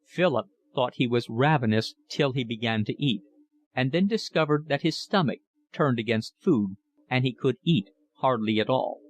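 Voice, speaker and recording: Man narrating an audiobook, measured. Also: mid-range voice, lively intonation. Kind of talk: scripted narration.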